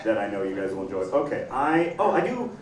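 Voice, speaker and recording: Animated stand-up comedian man, lively pitch. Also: fast talker, slight background noise. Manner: animated, acts out voices and yells punchlines. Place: comedy club stage. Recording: roomy club sound from a distance. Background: audience laughter.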